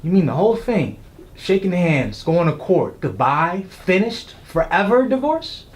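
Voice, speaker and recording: A woman's voice: on the low side, big pitch swings, measured pace. A young woman acting a proper, dignified young husband who is a lawyer, with dry, sarcastic patience. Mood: alarmed. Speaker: acting student. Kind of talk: scene study stage acting.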